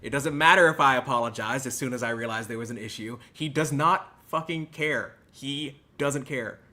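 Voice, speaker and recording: A young man with a bright, forceful voice hosts a podcast and piles on sarcastic, over-the-top apologies. His delivery lurches from loud protests to low mumbles. The contrition is plainly exaggerated. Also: normal speed. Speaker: podcast host.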